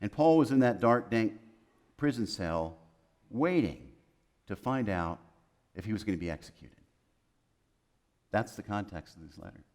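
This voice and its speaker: Low-voiced pastor preaching, rising and hushing. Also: male voice, expressive, measured pace, long pauses. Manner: emphatic lists with sudden soft, hushed quotes. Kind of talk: sermon. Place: chapel.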